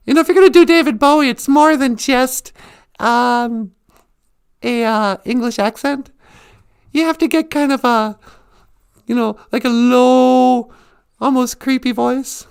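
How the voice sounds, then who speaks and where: Hosting a live stream, a woman chats casually with a smooth, high-pitched voice, a slow pace and long pauses. She giggles frequently and stays animated throughout.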